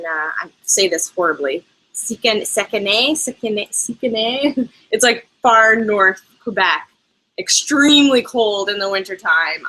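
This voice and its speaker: A Canada-based travel vlogger hosts a casual live travel chat, her medium-pitched voice pushed and bright. She's bubbly and chatty, laughing often as she answers viewer questions. The recording quality is low.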